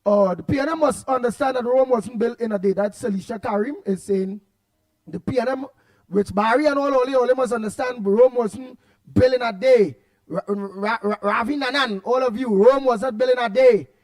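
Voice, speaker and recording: Chatty high-voiced Trinidadian radio host. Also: male voice, moderate pace, a little mellow. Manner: chatty, laughing, repeats words, dialect speech. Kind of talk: casual radio talk, reading listener comments.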